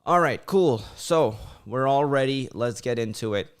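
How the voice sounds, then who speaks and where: A young man hosting a laid-back livestream in a smooth, clear voice at a middle pitch. He talks loosely and chattily, leaning on "like" fillers and slipping into his friends' voices as he tells stories. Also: expressive, unhurried. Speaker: channel host on a livestream. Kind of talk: casual livestream talk.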